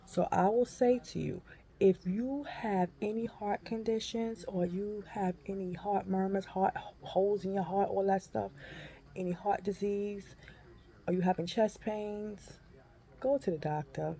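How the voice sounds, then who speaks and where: A woman in her fifties telling a personal story in a folksy, animated way and calling listeners honey and baby. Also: medium pitch, unhurried, vocal fry. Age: 50s. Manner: animated, acts out her own cries and shrieks. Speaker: vlogger.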